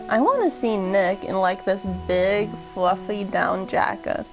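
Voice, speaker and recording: Slow-talking woman streamer. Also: medium pitch, music in the background, poor audio. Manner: chatty, musing aloud. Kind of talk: casual let's-play commentary.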